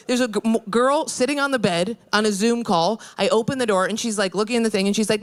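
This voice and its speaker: A woman's voice: fairly high pitch, fast talker, hardly any pauses, faint music behind. A woman from New York state doing a stand-up comedy set in a brash, crude, self-deprecating way. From New York state, USA. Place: comedy stage.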